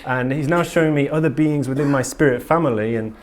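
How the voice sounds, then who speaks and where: In a conference room, a male speaker gives a casual talk to a live audience, rambling earnestly with frequent ums and restarts. His voice is medium in pitch and a little fast.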